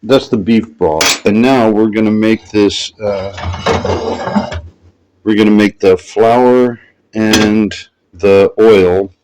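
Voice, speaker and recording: A man with a lowish voice talks slowly through a home recipe, chatty and rambling, often stopping to correct himself. Faint kitchen clatter of pans and cutlery sits behind him. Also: background noise. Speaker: cooking vlogger. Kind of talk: casual cooking demonstration.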